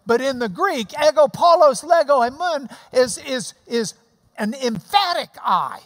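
Slow, lively preacher in a reverberant hall. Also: sits high. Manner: animated storytelling, mimics clapping. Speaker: pastor. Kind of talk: sermon with Bible teaching.

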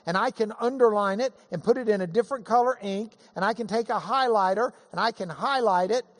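A man preaching a sermon in a lively, conversational way, breaking off for quick asides as he teaches. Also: high voice. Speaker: pastor. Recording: long hall reverb.

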